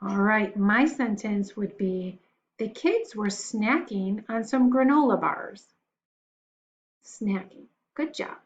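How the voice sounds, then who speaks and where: A woman teacher gives a recorded spelling lesson for young children, slowly spelling words letter by letter and offering encouragement. Her medium-pitched voice is expressive, though the audio sounds dull.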